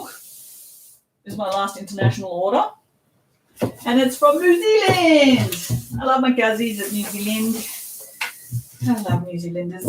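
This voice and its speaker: A woman's voice: medium pitch, recorded from a distance. A chatty Australian woman talks casually as she works, laughing and swearing offhandedly. Her voice sits a bit away from the mic in an echoey room with a faint hiss behind it. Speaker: soap shop owner packing orders. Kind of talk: casual live-stream chat while working.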